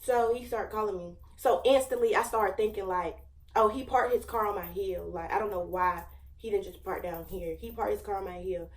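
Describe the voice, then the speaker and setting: A woman's voice: medium pitch, normal speed, recorded from a distance. A young woman in her late teens, casually telling a dramatic storytime with lots of slang and fillers. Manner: chatty, slangy, dramatic retelling. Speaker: vlogger.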